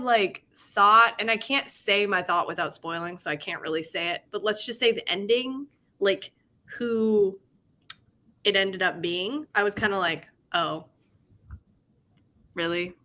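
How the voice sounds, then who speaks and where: A young woman with a bright, forceful tone chats loosely on a livestream. She rambles through her thoughts and laughs often, breaking off now and then to read comments aloud. Her pitch sits in an ordinary middle range. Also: unhurried. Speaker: livestream host. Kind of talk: casual chat.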